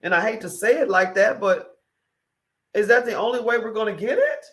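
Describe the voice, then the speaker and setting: A woman's voice: mid-range voice, animated, moderate pace. A woman hosting a morning talk show, giving an opinionated monologue that is emphatic and repetitive, full of rhetorical questions.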